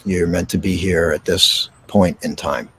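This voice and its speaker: A man hosting a podcast, guiding a slow, soothing breathing meditation outdoors. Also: low voice, husky. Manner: slow, soothing, calm delivery with pauses. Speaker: podcast host and meditation guide. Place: outdoors in a park. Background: birds.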